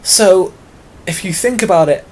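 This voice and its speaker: A man's voice: high voice, unhurried, a little mellow, slight background noise. A British man talking casually to camera in a tag video, long-winded and full of fillers, with self-mocking asides. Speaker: vlogger.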